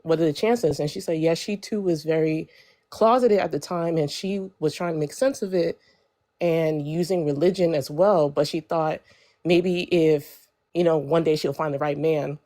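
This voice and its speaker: A woman's voice: low voice, normal speed. A young woman telling a personal story on a live stream in a casual, chatty way, full of fillers and quoted dialogue. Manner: chatty, lots of fillers, animated when quoting others.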